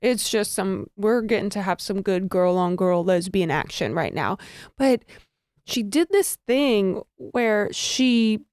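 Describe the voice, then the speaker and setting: A woman co-hosting a candid, casual podcast chat, telling stories in an animated way, laughing often and filling with "like". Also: mid-range voice, slow, no echo, studio quality. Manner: giggly, animated storyteller with many fillers. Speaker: podcast co-host.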